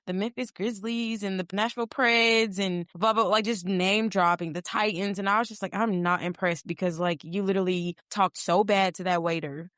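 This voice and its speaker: A woman's voice: mid-range voice, moderate pace, few pauses, no echo, studio quality. A woman podcast co-host, telling a dating story in casual chat and acting out what people said. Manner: animated storyteller, acts out quotes.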